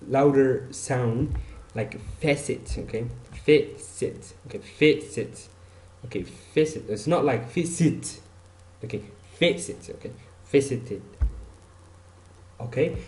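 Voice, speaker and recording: A man's voice: mid-range voice, dark tone, reverberant. A man teaching an online English grammar lesson, repeating example words and saying "okay" often.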